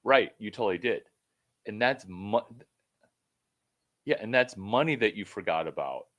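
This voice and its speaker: A man's voice: lowish voice, expressive, moderate pace. Blunt, profane male coach. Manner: blunt, profane and rambling, with sudden loud bursts. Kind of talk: one-on-one coaching call. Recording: phone call.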